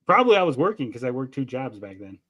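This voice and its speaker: A man's voice: mid-range voice, sing-song, fast talker, fairly bright tone. A man co-hosting a casual podcast chat, telling stories animatedly and swearing freely. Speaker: podcast co-host.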